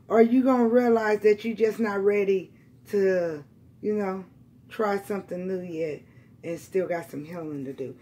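A woman reading tarot cards for her viewers, blunt and profane, repeating lines for emphasis and swinging between loud outbursts and quiet, emotional asides. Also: medium pitch, unhurried. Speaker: tarot reader.

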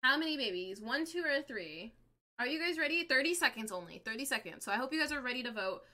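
A young adult woman streaming a game live, chatting with viewers and reacting aloud in an excitable, chatty way. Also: high-pitched, fast talker.

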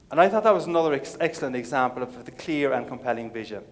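A man's voice: medium pitch, animated, fast, few pauses. A middle-aged man with an Irish accent giving a comic keynote speech, a playful storyteller full of jokey asides. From Ireland. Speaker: keynote speaker. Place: large conference hall. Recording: long reverb of a large hall.

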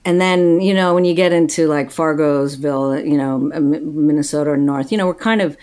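A woman guesting on a podcast, telling stories in a casual, animated way with frequent laughs. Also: sits low, a little fast. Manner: laughing, animated storytelling with put-on quoted voices. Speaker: guest actor.

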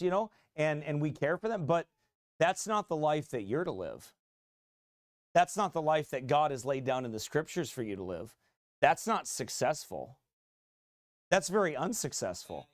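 A middle-aged man, a pastor preaching a fiery, combative sermon that rises to shouts. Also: fairly high pitch, no echo, studio quality. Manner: combative, mocking, repeats phrases, rising to shouts.

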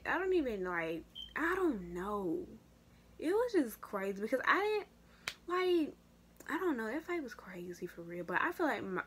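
A young woman vlogger telling a casual story to her viewers, slangy and animated, with big jumps in pitch and loudness. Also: slight background noise. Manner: addresses viewers as y'all. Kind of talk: casual story time vlog.

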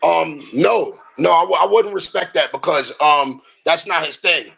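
A man in a heated, profane argument on a live audio chat, pressing his points forcefully and asking "you understand?". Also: on the high side, moderate pace, creaky, husky.

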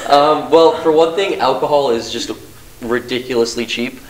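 A man's voice: mid-range voice, slow, over a noisy crowd. A young man talking as a guest on a campus talk show, chatty and wry, laughing often. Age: young adult. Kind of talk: casual interview chat. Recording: roomy echo, faint noise.

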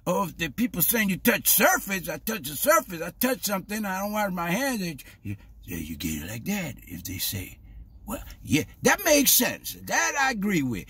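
A man talking casually to the camera in a preachy, animated way, stumbling over repeated words and dropping in "man" and "baby". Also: high voice, normal speed, husky, no room sound. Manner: street-style grammar, says "man" and "baby". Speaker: vlogger. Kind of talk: casual spoken monologue.

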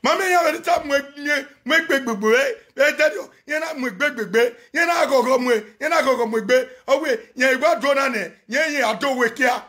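A Nigerian man on a phone live video, ranting and chanting loudly, often shouting and switching between Pidgin and local languages. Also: very high voice, a little fast, few pauses. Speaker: social media personality on a live video. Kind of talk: animated live-stream rant and chanting.

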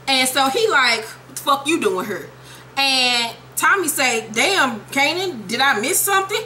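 A young woman giving a profane, animated comedic recap of a TV episode and quoting the characters in quick voices. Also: high-pitched, a little hiss or hum. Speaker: TV show recapper.

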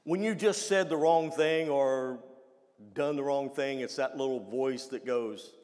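A pastor gives a conversational sermon in a church sanctuary, halting often, restarting his sentences and turning aside to address the congregation. His voice sits in the mid range with a darkish tone, and the hall adds a long reverb.

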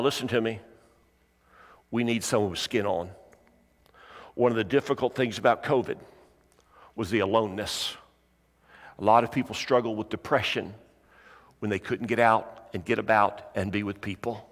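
A middle-aged male pastor delivering a sermon with earnest, repetitive exhortations and frequent throat clearing. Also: fairly low pitch, a bit bright. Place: church sanctuary. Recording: long hall reverb.

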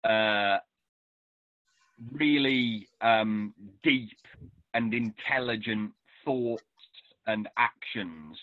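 A man's voice: lowish voice, no room sound, narrow, tinny audio. Thoughtful man on a call. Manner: thoughtful, halting with restarts. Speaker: novelist and poet. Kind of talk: conversational author interview. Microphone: video call.

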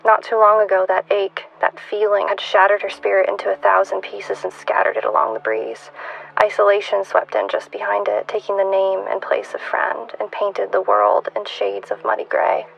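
A woman in her twenties reading her own fiction aloud in a measured, hushed way, at times dropping to a whisper. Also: mid-range voice, steady tone, gravelly, breathy edge, poor audio. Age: 20s. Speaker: author.

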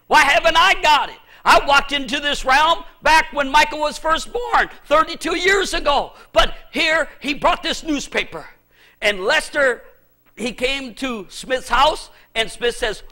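A middle-aged male pastor preaching a sermon in church, emphatic, with sudden shouted bursts. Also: very high-pitched, measured pace.

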